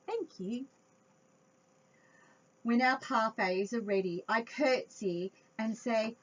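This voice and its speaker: A woman reading a picture book aloud to young children, expressive and chatty with her listeners. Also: a little high, slow, long pauses, slight background noise. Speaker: children's storytime reader. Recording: dull lo-fi home recording.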